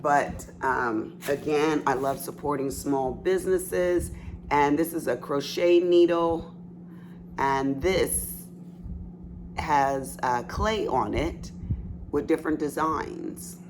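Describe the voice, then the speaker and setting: Woman, craft haul vlogger, has a cough, chatty and exclaiming, slow pace. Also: low voice, noisy background. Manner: chatty, exclaiming and talking to viewers. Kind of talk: casual chat.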